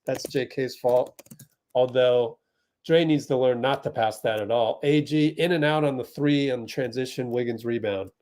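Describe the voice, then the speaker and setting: Running a fan watch party, this young Bay Area man keeps up a talkative live play-by-play, getting especially excited on big plays. He speaks at a normal speed in a mid-range voice.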